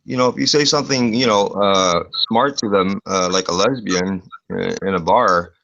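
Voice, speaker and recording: A man's voice: sits low, moderate pace, vocal fry, bright, forceful tone, no echo, lo-fi sound. A man telling a crude, rambling story on a video call, swearing often and full of fillers. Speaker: online show host.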